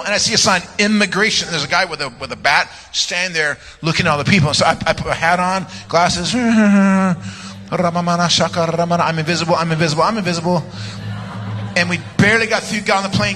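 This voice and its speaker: A man from the United States, appearing as a guest speaker, delivers a joking sermon full of personal stories, rambling playfully and laughing at his own jokes. His voice sits high, pushed and bright. The recording, made in a large church sanctuary, carries long church-hall reverb with music.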